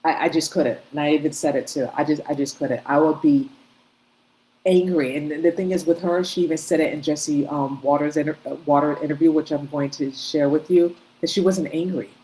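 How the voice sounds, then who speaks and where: Low-voiced woman giving emphatic commentary. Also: steady tone, fairly quick, dark tone, a little hiss or hum, low-quality recording. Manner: emphatic, repetitive, talks in short bursts with restarts. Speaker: commentary host. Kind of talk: opinionated commentary on video clips.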